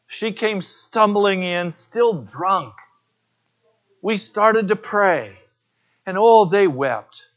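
A man's voice: sits high, expressive, extremely slow, fairly bright tone, highs cut off. A man preaching a sermon as pastor, telling personal stories in an earnest way.

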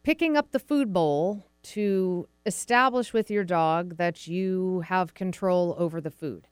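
A woman's voice: fairly low pitch, a little slow, hardly any pauses, clear, resonant tone, no echo. A woman hosting a dog podcast, talking casually and acting out what dogs and owners might say, with a light Pacific Northwest American accent. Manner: chatty, acts out quoted voices of dogs and owners. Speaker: podcast host, dog trainer. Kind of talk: casual explanatory talk.

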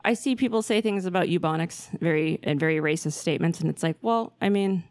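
A woman co-hosting a podcast in casual chat, blunt and quick to swear. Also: lowish voice, no room sound. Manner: blunt, animated, swears freely. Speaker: podcast co-host.

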